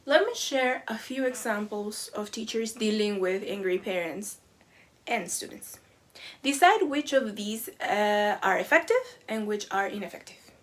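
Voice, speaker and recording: A woman educator reading a scripted teacher-training lesson, measured and explanatory. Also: medium pitch, lively intonation.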